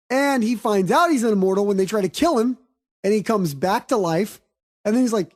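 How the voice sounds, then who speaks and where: A woman's voice: medium pitch, fairly quick, darkish tone. A woman co-hosting a podcast, chatting eagerly and swearing casually as she retells a story. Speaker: podcast co-host. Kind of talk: casual chat.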